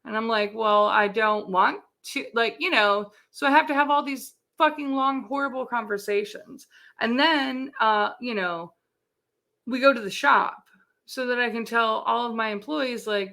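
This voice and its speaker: A woman in her forties speaks bluntly over a video call, swearing freely and slipping into the voices of the people in her story. Her voice is bright and edged with gravelly fry. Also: mid-range voice, normal speed. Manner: candid, swears freely, acts out quoted dialogue. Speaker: interview guest.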